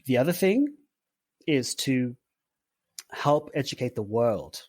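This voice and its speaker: A man in his forties from Zimbabwe, a podcast guest talking in a relaxed, rambling way with filler words. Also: mid-range voice, slow pace, dry recording. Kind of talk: casual interview chat.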